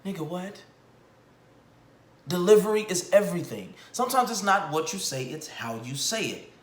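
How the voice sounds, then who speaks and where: Young guy ranting on his vlog, kinda high voice, mocking and fed up, echoey room. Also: normal speed. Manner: animated, exasperated, mocking. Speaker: commentary vlogger. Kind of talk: casual ranting commentary.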